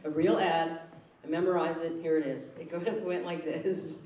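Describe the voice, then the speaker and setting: A woman's voice: fairly low pitch, lively intonation, normal speed. A woman performing a stand-up comedy set in a theatre, acting out the people she quotes and often laughing through her lines. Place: theatre stage before a live audience. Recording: roomy live theatre recording, mic at a distance, audience noise. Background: audience laughter.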